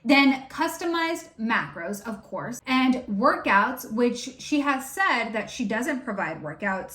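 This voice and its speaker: A woman's voice: on the high side, a bit bright, reverberant. A woman hosting a commentary video, talking in a mocking, profane, sharply sarcastic way. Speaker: commentary channel host.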